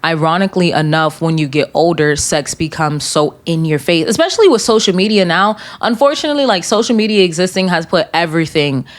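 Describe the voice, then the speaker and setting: A young woman with a slightly low voice hosts a casual podcast, reading out listener comments. She reacts in a blunt, profane, animated way. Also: a little fast, few pauses. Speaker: podcast host.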